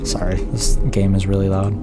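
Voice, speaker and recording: A man's voice: sits low, completely flat delivery, moderate pace, over loud music. A tired man streaming a horror game, rambling and self-mocking as he talks to his chat while keeping his voice down late at night. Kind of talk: casual live-stream commentary.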